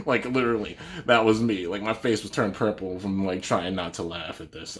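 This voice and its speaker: A man's voice: fairly low pitch, brisk, a bit bright. A young man vlogging a casual storytime, rambling with lots of fillers and restarts. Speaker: YouTuber.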